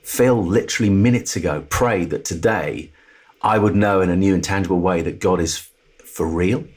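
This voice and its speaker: A middle-aged man speaks in a low, husky voice. He tells a personal story candidly and with animation, and he slips into the voices of the people he quotes. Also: moderate pace. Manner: animated storyteller who acts out the voices of others. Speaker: podcast guest, TV presenter.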